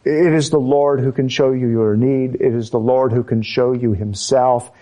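Preaching in a mellow, mid-range voice with fairly even intonation, a man keeps pressing his audience with rhetorical questions in a measured, emphatic style. The recording sounds muffled.

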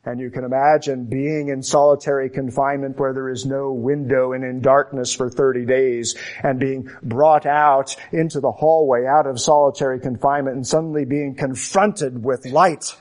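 A man preaching a sermon in a measured, emphatic way, leaning on deliberate repetition. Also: mid-range voice, steady tone, darkish tone. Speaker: pastor.

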